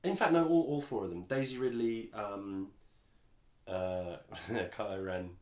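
A man's voice: on the low side, measured pace, a little mellow, roomy sound. An English man co-hosting a podcast, chatting casually and rambling with frequent restarts. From England. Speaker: podcast co-host. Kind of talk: casual chat.

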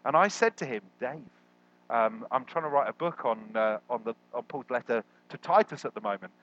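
A man preaching a sermon as a guest, animated and jokey, jumping up in pitch when he quotes people. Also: brisk, lo-fi sound. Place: church hall.

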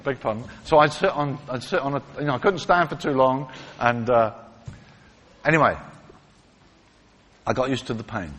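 A man's voice: mid-range voice, fairly bright tone. Man preaching in a reverberant church hall. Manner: conversational storytelling, acts out quoted people. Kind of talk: sermon with testimony stories. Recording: reverberant hall with faint ambience.

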